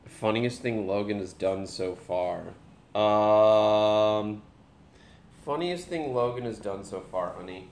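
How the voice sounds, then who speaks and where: A man's voice: lowish voice, takes it slowly, a little mellow. A young man, a dad, joking casually with a live stream chat while talking to his baby.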